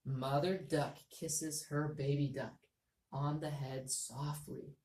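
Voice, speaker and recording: Low-voiced teacher explaining patiently. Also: female voice, fairly even intonation, slow pace, darkish tone. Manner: patient, repeats key points and models reading voices. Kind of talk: reading lesson for young students. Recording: echoey room.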